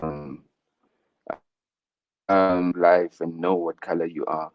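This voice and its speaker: A man's voice: sits low, fairly even intonation, slow. A South African man, a guest in an interview, reflecting at length in a rambling way with many fillers. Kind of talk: casual interview conversation. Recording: muffled lo-fi sound.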